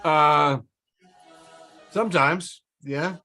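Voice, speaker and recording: Bright-voiced Midwestern man, dry banter. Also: a little high, drawn-out words, soft background music. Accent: neutral Midwestern American. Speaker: comedian on a video call. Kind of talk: casual banter. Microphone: video call.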